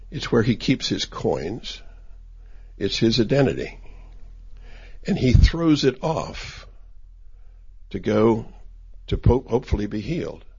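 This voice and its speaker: A man's voice: on the low side, gravelly, slightly rough. A man giving an informal Bible study talk in a conversational, wry way, with many restarts. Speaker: teacher. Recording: dull lo-fi recording.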